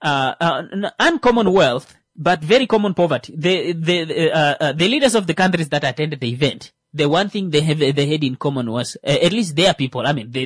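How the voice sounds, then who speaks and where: Slightly high-voiced, a man does lively stand-up with no room sound in the recording. His set is full of fillers and restarts as he veers between loud, rising gags and under-the-breath remarks.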